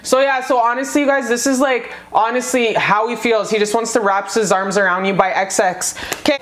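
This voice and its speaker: A woman's voice: on the high side, fairly even intonation, fairly quick, a bit bright, slight background noise. A woman giving a casual pick-a-card love reading to her viewers. She gushes and swears freely, calling her audience "you guys.". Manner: gushing and profane, addresses viewers as "you guys". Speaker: tarot card reader. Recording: roomy echo.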